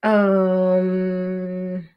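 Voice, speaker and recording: A woman hosting a casual livestream from home, talking softly with many ums and restarts. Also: on the low side, monotone, extremely slow, clean tone, lo-fi sound. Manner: soft, half-whispered talk with many ums and restarts. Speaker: livestream host.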